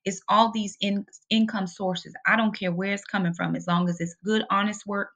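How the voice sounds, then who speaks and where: Chatty middle-aged woman, gravelly. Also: fairly low pitch, a bit bright, muffled recording. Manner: chatty, emphatic, preachy and encouraging. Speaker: budgeting vlogger, single mom. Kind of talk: casual direct-to-camera vlog.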